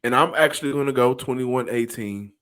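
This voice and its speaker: A man's voice: mid-range voice, fairly quick, a bit bright. A man co-hosting a sports podcast who talks hesitantly, with frequent stammering restarts. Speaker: podcast co-host. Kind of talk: casual sports chat.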